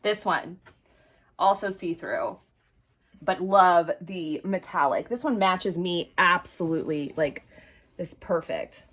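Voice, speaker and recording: A woman's voice: lowish voice, takes it slowly, a bit bright. A woman hosting a casual vlog in a vintage clothing storeroom, filmed on a phone. She tells a story and shows items in a rambling, chatty way, with many fillers and self-corrections, and she laughs easily. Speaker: vintage shop host showing items. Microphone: phone held by a helper.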